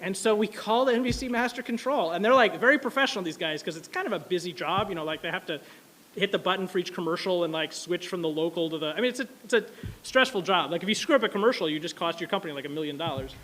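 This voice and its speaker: A man telling a casual, animated story to an audience, full of fillers and asides. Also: high-pitched. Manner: quick, animated, many fillers. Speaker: speaker at an anniversary event.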